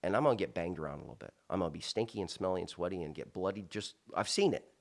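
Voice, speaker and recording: Interview guest, male, from South Florida, fairly low voice, animated storyteller who restarts often. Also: very fast. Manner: animated, many restarts and asides.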